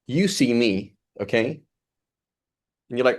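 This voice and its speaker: A man teaching a religious lesson in a casual, conversational way, acting out little dialogues as he goes. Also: mid-range voice. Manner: animated, acts out dialogue in quick asides. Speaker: Islamic teacher.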